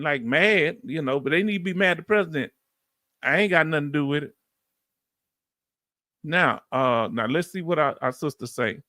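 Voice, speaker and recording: A man's voice: on the high side, pushed and bright, dry recording, clean studio sound. A middle-aged man with a Southern accent hosting a live Q&A stream, talking casually, reading out chat comments and often laughing. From United States. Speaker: livestream host. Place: Texas.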